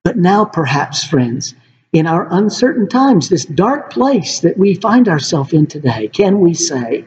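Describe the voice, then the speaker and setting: A man's voice: high voice, big pitch swings, unhurried. A man preaching a sermon in an earnest way, often calling his listeners friends. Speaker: pastor. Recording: dull reverberant hall recording.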